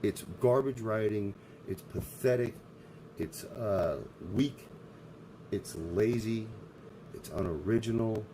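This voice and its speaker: A man's voice: lowish voice, takes it slowly, dark tone, a little hiss or hum, rough recording. A man streaming live, ranting in a profane, abrasive way. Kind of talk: casual livestream rant.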